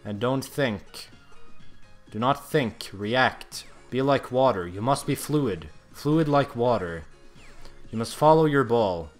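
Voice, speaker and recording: Slow, mock-solemn male gamer. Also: mid-range voice, soft background music. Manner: mock-solemn, grandiose deadpan musings. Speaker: gameplay commentator. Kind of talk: comedic gameplay commentary.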